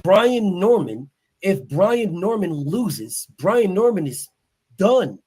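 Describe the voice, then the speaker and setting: A man's voice: high-pitched, sing-song, slow pace, mellow, breathy edge. A man talking casually about a boxing fight, emphatic and repeating himself, heard in a played-back clip.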